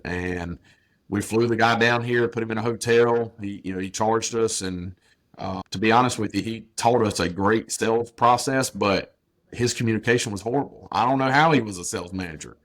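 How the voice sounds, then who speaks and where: Man, thirties, casual podcast guest, blunt and repetitive, slightly low voice. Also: fairly bright tone. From North Carolina, US. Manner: plainspoken, repeats words for emphasis. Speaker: guest, business owner.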